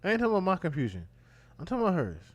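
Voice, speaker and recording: A man's voice: sits high, wildly swooping pitch, racing. A man hosting casual reaction commentary, blunt, incredulous and exasperated in tone. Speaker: commentary host.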